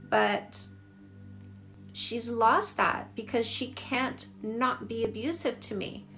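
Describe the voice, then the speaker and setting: Gravelly-voiced woman in her forties. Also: a little high, fairly bright tone. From Canada. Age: 40s. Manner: candid, emphatic, repeats phrases. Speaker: dating coach. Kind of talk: livestream chat answering viewer comments.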